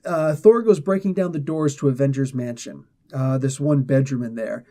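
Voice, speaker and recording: Guy chatting about a comic, laughs a lot, mellow voice, does little character bits. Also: mid-range voice, normal speed. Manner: animated, laughing, acts out characters in quotes. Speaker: comic book reviewer. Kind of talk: casual retelling of a comic.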